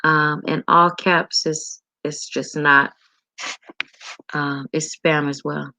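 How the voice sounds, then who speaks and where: A woman hosting a livestream in a casual, chatty way, answering viewer comments with frequent ums and pauses. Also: deep voice, flat delivery, sharp tone, no echo. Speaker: livestream host.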